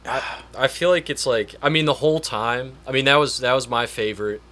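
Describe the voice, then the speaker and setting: A man's voice: mid-range voice, a little fast, sharp tone. A man chatting casually on a podcast, rambling with lots of repeats and fillers. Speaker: podcast guest. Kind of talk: casual chat.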